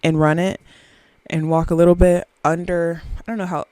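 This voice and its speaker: A woman's voice: on the low side, little pitch movement, moderate pace, mellow, no echo, low-quality recording. Girl in her 20s rambling on her podcast, swears a lot, makes fun of herself, mouth right on the mic, dry sound. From Southern US. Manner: rambling, profane, self-mocking. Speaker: podcast host. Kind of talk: casual solo podcast chat. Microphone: very close to the microphone.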